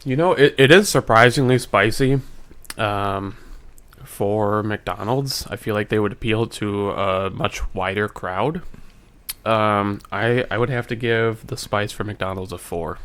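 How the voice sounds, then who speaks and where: A man's voice: fairly low pitch, unhurried, fairly bright tone, smooth. A man co-hosting a casual food tasting chat, joking and playful. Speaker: co-host.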